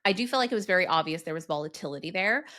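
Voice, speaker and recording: Bright-voiced woman podcast co-host. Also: fairly low pitch, lively intonation, very fast. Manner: chatty, explains background at length. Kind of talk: casual chat.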